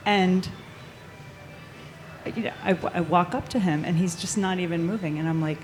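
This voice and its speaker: A woman telling a true spooky story live on stage, animated and swearing, laughing often. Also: fairly low pitch, measured pace, soft background music.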